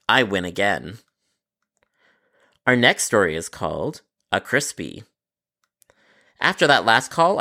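A man narrating his call center stories in a sarcastic, exasperated tone, with deadpan asides. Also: on the low side. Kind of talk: scripted storytelling narration.

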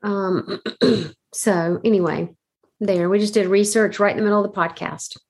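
Relaxed, agreeable woman podcaster. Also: mid-range voice, moderate pace, breathy edge. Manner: relaxed, agreeable, many affirming fillers. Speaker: podcast co-host. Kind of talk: casual chat.

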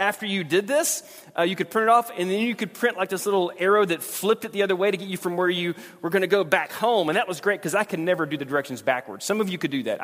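A man from preaching a sermon, self-deprecating and halting, with repeated restarts. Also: high-pitched, a bit bright. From southern Alabama. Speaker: pastor. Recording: long reverb of a large hall.

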